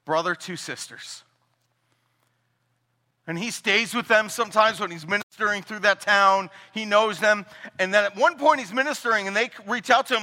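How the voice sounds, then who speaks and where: A pastor delivers his sermon in a bright, forceful voice pitched a little high. He jokes with the congregation and acts out the people he quotes. His voice rings out with the long reverb of a church hall. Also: normal speed. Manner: animated and joking, acting out quoted people. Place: church sanctuary.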